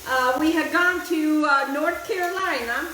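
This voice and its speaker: A woman's voice: high-pitched, measured pace, sharp tone, roomy sound, slight background noise, rough recording. A woman hosting a casual cooking demonstration, chatty and enthusiastic, who drops Italian phrases into her talk while she cooks outdoors. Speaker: cooking show host. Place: outdoor kitchen, windy.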